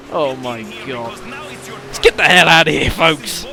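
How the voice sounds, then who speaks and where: A man's voice: fairly high pitch, a little slow, gravelly, sharp tone, faint music behind. A young man giving rambling, casual commentary on a game he is playing, with fillers and sudden exclamations. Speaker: let's play commentator.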